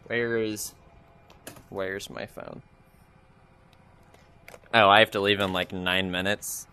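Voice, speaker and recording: Bright-voiced young man venting casually. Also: low-pitched, steady tone, takes it slowly, vocal fry, smooth. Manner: rambling, complaining, frequent fillers. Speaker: gaming vlogger. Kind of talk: casual rambling vent while gaming. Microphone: VR headset mic.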